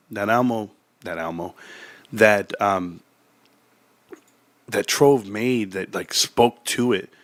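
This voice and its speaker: A man's voice: mid-range voice, a bit bright, no room sound. A man talking casually on his stock market livestream, rambling and heartfelt with many restarts, growing emphatic when he tells a story.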